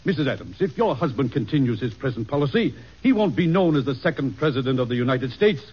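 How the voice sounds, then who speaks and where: A man's voice: mid-range voice, big pitch swings, quick pace, breathy edge. A man playing a proud, curt statesman in a vintage radio drama. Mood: angry. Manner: curt, forceful. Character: proud, hawkish statesman, stern. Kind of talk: 1940s radio acting. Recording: dull old radio recording.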